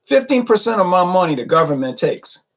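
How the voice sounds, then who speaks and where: A man's voice: high voice, very animated, fairly quick, a bit bright. A man ranting in a casual monologue, opinionated and rambling, full of rhetorical questions. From United States. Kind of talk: casual rant to camera.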